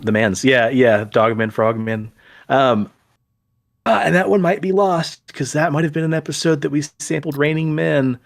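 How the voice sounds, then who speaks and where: A man's voice: a little high, moderate pace, gravelly. A man co-hosting a podcast in easygoing, buddy-like casual chat, calling his partner pal and dude. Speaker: podcast co-host.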